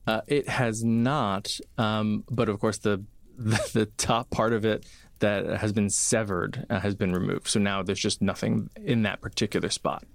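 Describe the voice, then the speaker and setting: A man narrating a tabletop game as game master, in a casual, relaxed way with many fillers. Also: fairly low pitch, measured pace, creaky.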